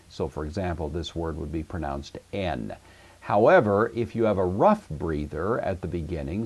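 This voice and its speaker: A man giving a recorded language-course lecture, explaining step by step in a measured way with frequent "uh" fillers. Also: low-pitched, darkish tone. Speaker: Greek teacher.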